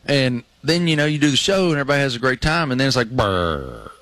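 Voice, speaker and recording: A man's voice: medium pitch, racing, a bit bright, no room sound. A man co-hosting a radio show, telling wry anecdotes in casual chat.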